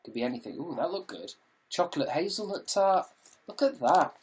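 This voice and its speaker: A British man talks casually on a live stream from home, answering comments with sweary jokes. His voice is a little husky. His pitch jumps around a lot as he talks. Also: expressive, fairly quick. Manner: chatty, sweary, jokey. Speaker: livestreamer reading viewer comments.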